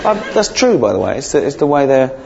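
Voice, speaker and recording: A man doing a stand-up comedy routine, rambling and sweary, with deadpan asides that break into shrill outbursts. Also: brisk, vocal fry, very noisy. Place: theatre stage before a laughing crowd. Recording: dull live recording with loud audience.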